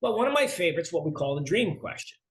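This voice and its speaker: A middle-aged man, a sales consultant being interviewed, who talks in a lively way and acts out dialogue while telling stories. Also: on the high side, quick pace. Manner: animated storyteller, acts out dialogue. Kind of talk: conversational interview.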